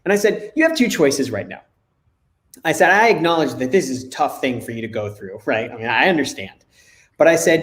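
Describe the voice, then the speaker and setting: A man co-hosting a talk, telling lively family anecdotes and acting out dialogue. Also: medium pitch, a little fast. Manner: animated anecdotes, acts out dialogue. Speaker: co-host. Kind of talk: casual storytelling. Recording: echoey room.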